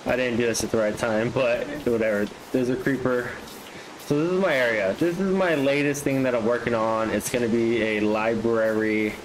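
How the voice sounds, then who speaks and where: A man casually commenting on his own gameplay, chatty and easily excited. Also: medium pitch, moderate pace, a little hiss or hum, low-quality recording. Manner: excitable, flares up into frustrated outbursts. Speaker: gaming vlogger.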